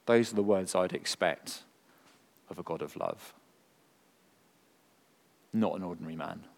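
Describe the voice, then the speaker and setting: A man preaching a sermon, earnest and full of rhetorical questions, moving from emphatic lines to hushed ones. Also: deep voice, measured pace, vocal fry. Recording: long hall reverb.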